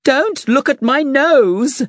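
A reader doing a vain, dramatic knight. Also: male voice, a little high, sing-song, slow pace, dry recording. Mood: shouting. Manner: theatrical, indignant. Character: proud vain male knight, dramatic and wounded. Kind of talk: storybook reading.

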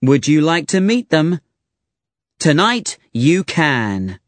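A man voicing a dignified older male president exhibit in a storybook reading, speaking in a measured, stately way. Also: on the high side, sing-song, no room sound.

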